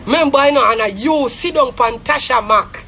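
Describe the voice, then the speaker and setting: A woman's voice: sits high, creaky, bright, forceful tone, a little hiss or hum. A Jamaican woman giving heated, scornful gossip commentary on a live stream. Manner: scornful, rapid, repetitive.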